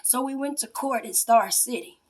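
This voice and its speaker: A woman giving an emotional personal testimony aimed at her mother, confrontational and swinging between hushed whispers and a raised, accusing voice. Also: a little high, normal speed. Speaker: self-styled spiritual priestess.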